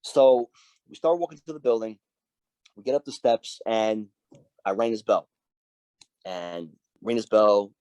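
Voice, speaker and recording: With a lowish, dark-toned voice, a little slow and marked by long pauses, this man spins stories as a podcast guest in a dry recording. He's a biker club's sergeant at arms, a profane, vivid storyteller in a casual interview who curses freely and performs the dialogue he quotes.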